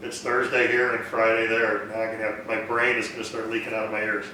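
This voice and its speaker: Man in an echoey shop, bright voice. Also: fairly low pitch, fast talker, distant mic, a little hiss or hum. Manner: relaxed, thinks aloud with fillers. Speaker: woodworking live stream host. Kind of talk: casual live Q&A, reading viewer comments. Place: woodworking shop.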